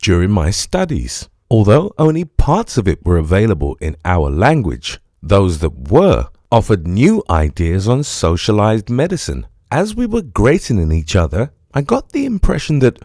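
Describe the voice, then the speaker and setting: A man giving scripted first-person audiobook narration in an expressive, storytelling manner. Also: fairly low pitch, normal speed, few pauses, dry recording, clean studio sound.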